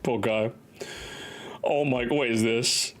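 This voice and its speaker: A man's voice: medium pitch, fairly even intonation, slow. A man casually reacting to memes, laughing often, swearing and acting out little bits.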